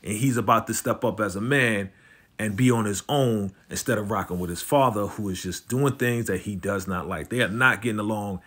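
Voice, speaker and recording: A man's voice: fairly low pitch, breathy edge. Slangy man recapping a TV episode. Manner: animated retelling, acts out characters' lines in quick snippets; slangy, conversational, lots of "you know" and "right?". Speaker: TV recap host.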